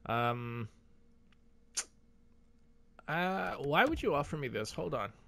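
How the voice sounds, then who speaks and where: A young man with a fairly high voice talks his way through a video game draft, bouncing between excitement and grumbling. He chats to himself and swears casually. The sound is dry and close, with no room around it. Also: slow pace, creaky, no room sound. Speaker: gaming YouTuber.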